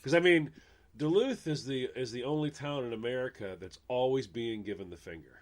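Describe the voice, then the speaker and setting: A man's voice: mid-range voice, fairly quick. A man hosting a radio talk show in casual banter, joking, laughing at his own puns and stumbling over restarts.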